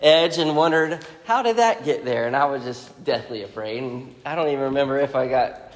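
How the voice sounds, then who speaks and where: A man teaching a Bible lesson, retelling the story casually and acting out the characters' lines with lively energy. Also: medium pitch, normal speed, big-room sound.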